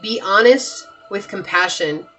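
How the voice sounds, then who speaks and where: A woman's voice: medium pitch, a little slow, a bit bright, soft background music. A woman giving a pick-a-card tarot reading, talking straight to her viewers with lots of emphatic repetition. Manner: emphatic, repeats herself, talks straight to viewers. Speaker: tarot reader.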